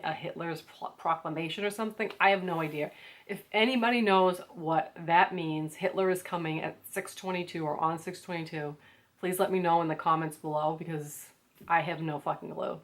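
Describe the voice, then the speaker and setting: A young American woman casually telling a story to her viewers, full of "like" and acted-out quotes. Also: lowish voice. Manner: chatty, lots of "like", acts out quotes. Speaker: vlogger.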